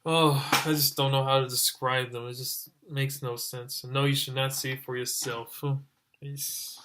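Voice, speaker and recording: A man's voice: mid-range voice, flat delivery, moderate pace, noisy background. A man giving a ranting review as an online reviewer, exasperated and exclaiming over and over.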